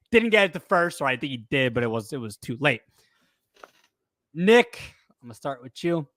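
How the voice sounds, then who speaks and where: A man's voice: on the high side, pushed and bright, no room sound, studio quality. A man co-hosting a casual sports podcast, talking loosely with lots of fillers, restarts and self-corrections. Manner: rambling, frequent fillers and restarts. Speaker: podcast co-host.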